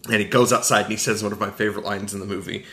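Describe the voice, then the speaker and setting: A man's voice: fairly low pitch, racing. Southern guy retelling a movie plot, goofy, acts out the lines. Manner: animated, jokey, acts out quotes. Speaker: podcast co-host. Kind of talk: casual movie recap chat.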